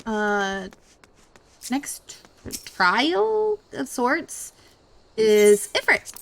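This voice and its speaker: A giggly woman streamer talks through her game in a relaxed, unhurried way and reads the dialogue aloud as she goes. Her pitch is lively and a little high, and she often trips over words and laughs them off. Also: gravelly. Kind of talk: casual gameplay commentary, reading dialogue aloud.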